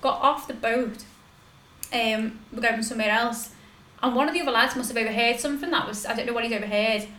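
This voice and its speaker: A young woman with a high, bright voice tells a story in loose casual chat, full of fillers and restarts. She is recorded in an echoey room. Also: brisk. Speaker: podcast host.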